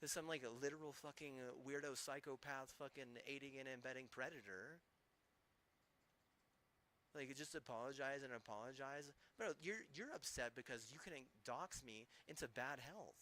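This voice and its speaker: A man's voice: medium pitch, moderate pace, pushed and bright. A man streaming, ranting angrily with heavy swearing and rambling, restarting sentences. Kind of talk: angry profane rant.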